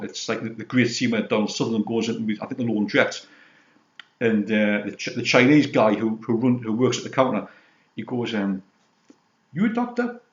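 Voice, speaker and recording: A man's voice: fairly low pitch, dull audio. Rambling middle-aged British man, roomy sound. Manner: rambling, leans on "you know", retells scenes. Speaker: host, film collector. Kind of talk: casual chat.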